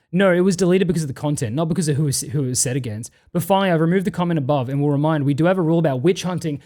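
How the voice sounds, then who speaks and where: Man, high voice, profane, exasperated, live stream rant. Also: animated, rapid-fire, dark tone. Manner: profane, exasperated, reads chat messages aloud. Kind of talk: ranting stream commentary.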